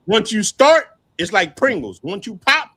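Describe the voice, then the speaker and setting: A man's voice: high voice, big pitch swings, unhurried, bright, forceful tone. A middle-aged man hosting a casual livestream chat, telling stories animatedly, laughing often and swearing freely. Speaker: channel host.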